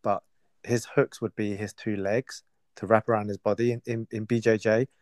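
Male podcast host, lowish voice, asks and recaps, dry close mic. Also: little pitch movement, moderate pace, a little mellow, dry recording. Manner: asks questions and recaps for listeners. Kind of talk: casual podcast chat.

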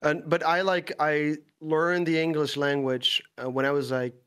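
A man's voice: a little high, little pitch movement, moderate pace, a bit bright, smooth. A man from the Netherlands, a native Dutch speaker, chatting on a podcast over an online call. He talks in long, winding explanations with plenty of fillers. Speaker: guest. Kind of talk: casual podcast chat.

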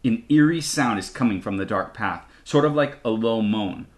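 Man narrating a lively audiobook. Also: on the low side, moderate pace. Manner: animated, lively intonation. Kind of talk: expressive audiobook reading. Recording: roomy echo.

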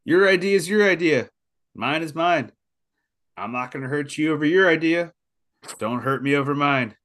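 A man co-hosting a podcast talks in a casual chat, his voice on the high side, animated and a bit bright at a normal speed. He's easygoing and speaks in short, plain maxims.

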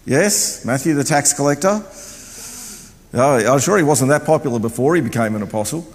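An older man preaching a sermon in a church, loud and chatty, wandering about as he talks. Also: medium pitch, animated, normal speed. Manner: loud, chatty, wanders around while talking. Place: church hall. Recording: long hall reverb.

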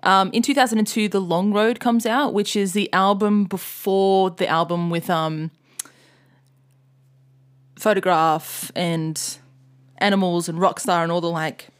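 A woman co-hosting a podcast, chatting in a relaxed, sweary way. She tells a long story, now and then jumping into loud impressions of outraged fans. Her voice sits at an ordinary middle pitch. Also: measured pace. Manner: storytelling, loose and swear-heavy, mimics angry fans in loud outbursts. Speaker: podcast co-host. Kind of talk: casual chat.

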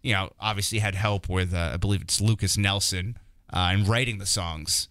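Man, podcast co-host, low voice with a bright edge, teasing, dry close-mic sound. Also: steady tone, dry recording. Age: older than co-host. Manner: teasing, unhurried with many fillers. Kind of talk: casual podcast chat.

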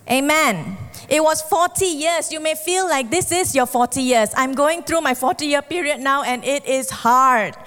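A woman preaching a sermon, telling stories and acting out the characters with lively shifts of voice. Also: measured pace, few pauses. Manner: animated storytelling, acts out characters with shifting pitch. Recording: long hall reverb.

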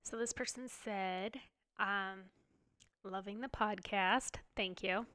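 A woman's voice: mid-range voice, steady tone, slow pace, sharp tone, clean tone, dry recording, clean studio sound. A young woman co-hosting a podcast with her husband, chatty and stuffed up, running out of breath as she talks. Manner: chatty, laughs often, runs out of breath. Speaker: podcast co-host. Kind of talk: casual chat. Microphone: close studio mic.

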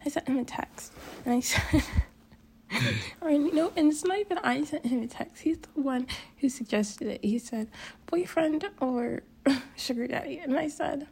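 A young woman vlogging at home, high and upset, rambling through a sweary confessional rant and laughing nervously between phrases. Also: moderate pace, a little mellow. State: upset, near tears. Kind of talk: casual confessional vlog rant. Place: home, indoors.

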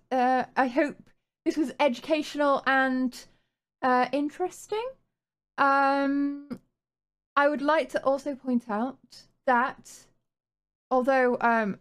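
Slow, high-voiced woman stream host. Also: smooth. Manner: halting, many ums and restarts. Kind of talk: casual stream sign-off.

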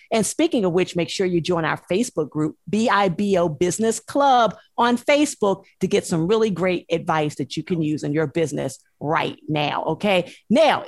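A woman's voice: lowish voice, no echo, clean studio sound. A woman hosting a talk show, upbeat and playful as she plugs the show and introduces her co-hosts. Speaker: host. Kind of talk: talk show host chat.

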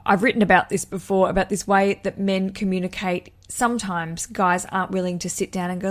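A woman's voice: mid-range voice, fairly quick. Chatty Australian woman podcast host. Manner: chatty and enthusiastic, rambling asides. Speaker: wedding podcast host answering a listener. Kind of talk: casual advice chat.

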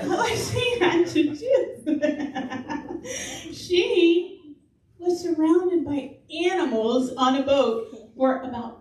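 A middle-aged woman with a high, animated voice and a darkish tone delivers a chatty storytelling sermon during a church service, laughing often. She speaks extremely slowly with long pauses. A distant mic captures her in an echoey church hall, with a little hiss or hum.

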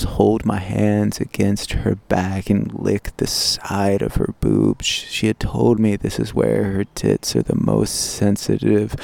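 A man speaks into an intimate personal audio diary, his voice dark and heavily gravelly. He talks slowly and haltingly, as if reflecting while he recalls. The sound is dry and close. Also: on the low side, no echo. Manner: slow, halting, reflective recounting. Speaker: diarist. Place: outdoor garden.

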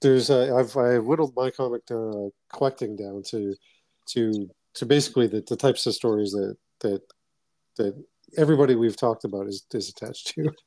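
A man hosting a casual interview podcast, eager and halting as he talks. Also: mid-range voice, dark tone, no echo. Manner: eager, halting, keeps saying awesome. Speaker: podcast host.

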